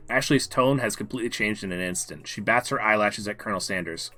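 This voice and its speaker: A man streaming a dating game, reading its narration aloud in a playful, lively way. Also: fairly low pitch, fast talker, faint music behind.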